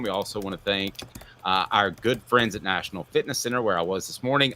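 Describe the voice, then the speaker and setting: A man hosting a casual sports talk show, sarcastic and animated. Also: on the low side, quick pace, slight background noise. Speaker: sports radio host.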